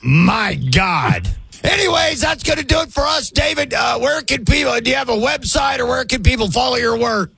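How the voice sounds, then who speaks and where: A middle-aged or older man co-hosting a comedy podcast, loud and brash, swearing and shouting through his banter. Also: very high-pitched, lively intonation, normal speed, vocal fry, faint music behind.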